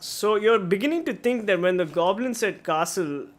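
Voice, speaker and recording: A man's voice: high voice, animated, moderate pace. A man with an Indian English accent, narrating a tabletop game as game master and restating scenes casually. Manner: reads room descriptions, then restates them casually.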